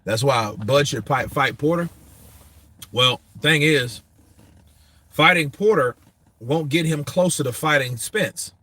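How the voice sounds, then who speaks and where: A man hosting a boxing talk show, answering viewers in a casual, animated, profane way, and laughing often. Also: mid-range voice, takes it slowly, pauses often.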